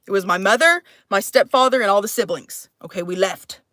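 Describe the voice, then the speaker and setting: A woman's voice: medium pitch, fairly quick, sharp tone, no echo, clean studio sound. A woman in her thirties from Texas, with mixed, shifting accents, chatting casually and profanely on a livestream, rambling and sighing often. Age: 30s.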